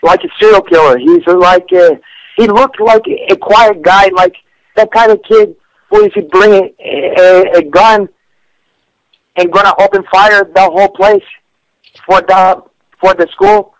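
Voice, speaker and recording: A man, chatting on a comedic radio show in broken English, with lots of stammered restarts and sudden jumps in pitch. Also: measured pace, no echo, low-quality recording. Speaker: fight picks guest. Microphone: studio radio mic.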